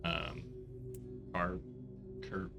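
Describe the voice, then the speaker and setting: Playful low-voiced man player. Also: sing-song, drawn-out words, vocal fry, pushed and bright, soft background music. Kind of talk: tabletop game play.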